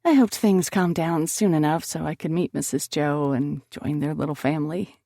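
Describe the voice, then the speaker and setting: A woman's voice: low voice, normal speed, vocal fry, warm tone, no room sound, clean studio sound. A woman narrating a first-person romance audiobook expressively, lifting her voice on emotional lines.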